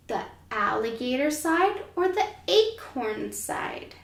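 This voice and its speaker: A woman teaching young children letter sounds, speaking in a slow, sing-song, encouraging way. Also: sits high, lively intonation, fairly bright tone. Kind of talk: children's phonics lesson. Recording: echoey room, mic at a distance.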